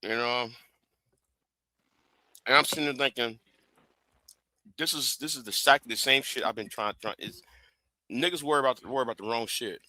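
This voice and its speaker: Man, livestream host, casual chat, very bright tone, halting speech. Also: mid-range voice, no room sound. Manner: halting, repeats words often.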